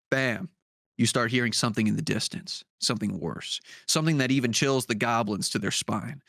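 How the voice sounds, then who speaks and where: A man's voice: mid-range voice, a little fast, gravelly, a bit bright, dry recording, clean studio sound. A man co-hosting a podcast, chatting casually about tabletop games, rambling with lots of fillers and swearing. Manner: rambling, profane, many fillers. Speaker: podcast co-host.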